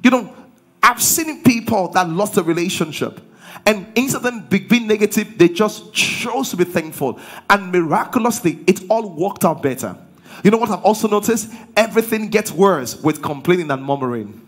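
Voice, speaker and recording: A man's voice: high voice, expressive, normal speed, husky. A man preaching a sermon as pastor. He drives his points home with rhetorical questions and call-and-response.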